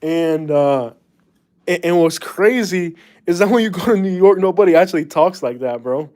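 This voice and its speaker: A man's voice: high voice, animated, normal speed, darkish tone, dry recording. A man chatting casually on a live stream, rambling and chuckling, with frequent fillers and slang.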